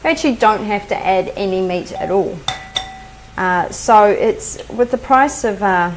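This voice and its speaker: A woman with a New Zealand accent hosts a live cooking demonstration, chatting in a homely way as she explains each step. Her voice sits at medium pitch and moves at a measured pace, though the recording is rough.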